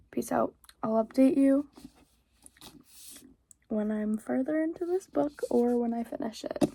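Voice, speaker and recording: High, slow, gravelly teen girl. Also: dark tone, a little hiss or hum. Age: teens. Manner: chatty, filler-heavy, drops to whispers. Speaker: reading vlogger. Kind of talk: casual reading vlog chat. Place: home porch, outdoors.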